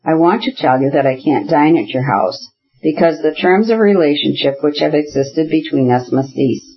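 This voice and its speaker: A man's voice: a little high, expressive, normal speed, husky. A man voicing a cold, formal middle-aged official with clipped speech in a storybook reading. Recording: dull lo-fi recording.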